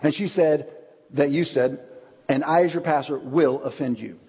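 A man preaching a sermon as pastor, telling stories with lively acted-out quotes. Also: fairly high pitch, moderate pace, slightly rough. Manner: animated storytelling, acts out quotes. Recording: dull audio with long hall reverb.

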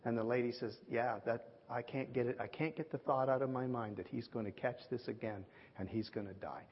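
A man preaching a sermon, telling a story in a lively way and acting out the voices of the people he quotes. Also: medium pitch, brisk, husky. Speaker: pastor. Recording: dull lo-fi audio with long hall reverb.

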